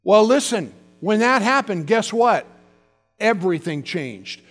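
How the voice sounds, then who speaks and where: A man's voice: sits high, sing-song, measured pace, a bit bright, long reverb tail, faint music behind. A male pastor preaching a fervent sermon, calling out to his congregation.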